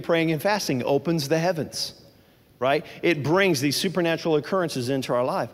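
A man's voice: fairly high pitch, big-room sound. A male pastor delivering a sermon, preaching emphatically and asking the congregation questions.

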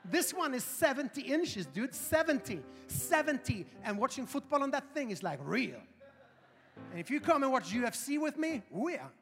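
A high-voiced man preaching with humor, animated and punching his lines loudly at the peaks. His voice carries through a large church hall with a long reverb tail. Faint music sits underneath. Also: moderate pace. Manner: animated, humorous, building to loud emphasis. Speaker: pastor. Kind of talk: storytelling sermon.

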